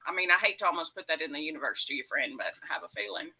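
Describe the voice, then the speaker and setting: A woman's voice: sits low, expressive, rapid-fire, sharp tone, husky, rough recording. A woman with a Texan accent, chatting and teasing as the host of a live stream and greeting her viewers. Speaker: livestream host. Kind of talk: casual live-stream chat.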